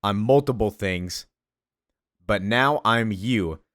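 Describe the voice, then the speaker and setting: A man voicing a calm, insistent alien presence that speaks slowly and hypnotically. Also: on the low side, no room sound, clean studio sound.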